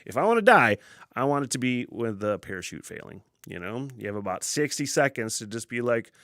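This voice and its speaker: A man's voice: medium pitch, brisk, dry recording. A man hosting his own podcast, telling rambling stories full of swearing and chuckling at himself from a basement studio. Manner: profane, animated storytelling with self-laughs. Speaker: podcast host. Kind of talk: casual solo podcast rambling.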